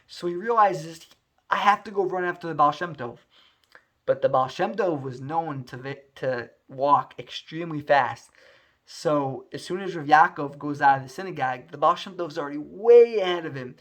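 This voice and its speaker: A man's voice: on the high side, moderate pace. A man telling a story aloud, acting out the characters' lines with lots of feeling and frequent restarts. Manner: animated, acts out dialogue with many restarts. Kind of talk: storytelling narration.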